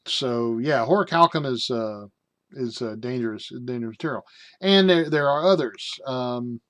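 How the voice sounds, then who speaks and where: A man's voice: mid-range voice, expressive, moderate pace, a bit bright. A man casually reviewing a game rulebook, reading passages aloud and breaking off into rambling jokey asides full of fillers.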